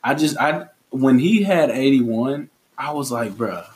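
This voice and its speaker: A man hosting a podcast in casual chat, talking in a relaxed, drawn-out way with many fillers and restarts. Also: medium pitch. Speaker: podcast host.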